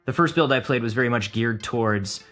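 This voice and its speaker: Male host, casual jokey delivery, mid pitch. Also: fairly quick, over loud music. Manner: joking, playful. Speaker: show host. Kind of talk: casual chat.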